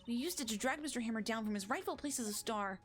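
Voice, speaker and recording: A woman's voice: a little high, lively intonation, fast, faint music behind, natural voice. Earnest young guy lawyer asking questions, read by a woman in her own voice.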